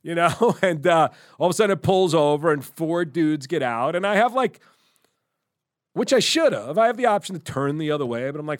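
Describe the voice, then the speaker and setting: A middle-aged man co-hosting a podcast, telling animated stories with free swearing and acting out his own lines. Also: on the high side, a little fast, no echo, studio quality. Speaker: podcast co-host. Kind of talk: casual storytelling chat.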